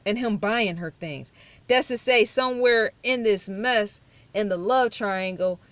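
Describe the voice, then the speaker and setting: A woman talks straight to camera in a casual true-crime vlog, firm and bold rather than soft. Her voice sits at an ordinary middle pitch, and the sound is dry and close with no room around it. She keeps pressing rhetorical questions and circles back to repeat her points. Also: unhurried, no room sound. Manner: firm, blunt, confrontational.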